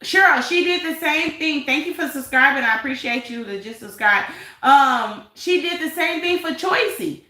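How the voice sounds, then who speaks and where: A woman's voice: high voice, lively intonation, moderate pace, pushed and bright, reverberant, rough recording. A woman hosting a live stream, reading chat and gossiping in a sassy, laughing way. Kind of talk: casual live chat commentary.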